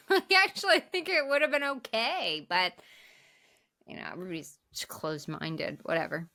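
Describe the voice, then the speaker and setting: A woman co-hosting a podcast, chatting casually about a film with lively reactions and frequent laughs. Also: mid-range voice, moderate pace. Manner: lively, laughs often, short agreeing replies. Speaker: podcast co-host.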